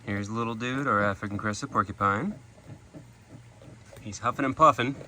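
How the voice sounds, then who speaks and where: On a rough recording with outdoor noise behind him, a man with a lowish, pushed and bright voice hosts a casual animal sanctuary vlog at a normal pace. His talk is loose and chatty, sprinkled with "like" and "you know."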